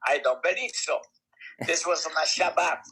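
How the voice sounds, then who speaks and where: A man in his nineties telling a story in casual talk, with broken English grammar and lively acted-out voices, heard over a video call. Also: on the high side, moderate pace, husky, rough recording. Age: 90s. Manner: animated, acts out quoted voices; non-native English grammar. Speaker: guest storyteller.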